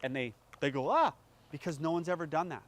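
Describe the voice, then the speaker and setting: Animated man acting out stories. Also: fairly high pitch, fast talker, dry recording. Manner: lively, acts out scenes with sound effects and voices. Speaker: dog trainer in a played clip. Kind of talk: animated casual storytelling.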